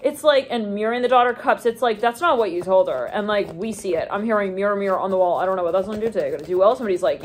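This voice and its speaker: A woman talks through a tarot spread in a loose, wandering stream of thought. She leans on "like" constantly and drops half-finished phrases to start again. Her pitch sits in an ordinary middle range, with faint background noise under her voice. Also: rapid-fire, hardly any pauses. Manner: rambling, stream-of-consciousness, heavy use of "like"; trails off and restarts mid-thought. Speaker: tarot reader. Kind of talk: intuitive tarot reading.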